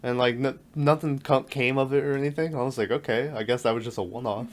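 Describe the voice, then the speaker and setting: A man's voice: mid-range voice, steady tone, fast talker. A man co-hosting a movie podcast, chatting casually and retelling scenes he watched. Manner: chatty, recounts scenes and quotes lines. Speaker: podcast co-host. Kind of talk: casual chat.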